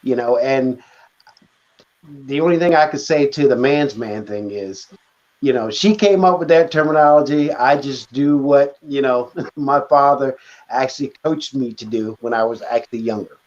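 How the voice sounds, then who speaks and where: A man speaking in an interview with a mid-pitched voice, hesitant and reflective and full of fillers. The audio sounds dull and lo-fi. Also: normal speed, a little mellow. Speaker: guest author. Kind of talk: conversational interview.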